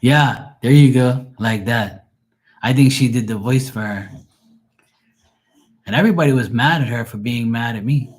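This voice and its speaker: Male tarot reader, casual stream chat, blunt and profane, average pitch. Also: moderate pace, pauses often.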